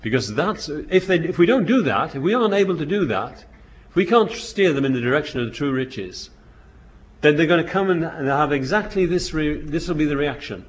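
A man's voice: fairly high pitch, expressive, a little fast. A man preaching a sermon, reading scripture verses aloud and then explaining them, with frequent restarts and bursts of emphasis. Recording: dull lo-fi recording.

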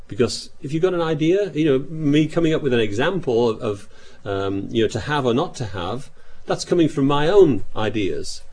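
Husky-voiced man preaching. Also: mid-range voice, mellow. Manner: reads scripture aloud, with frequent restarts and rising emphasis. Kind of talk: sermon.

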